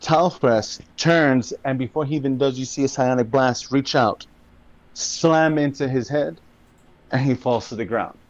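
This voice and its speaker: This medium-pitched man runs a tabletop game as its dungeon master, stretching his dramatic narration out slowly and swearing along the way. The recording is dry, and the audio sounds dull.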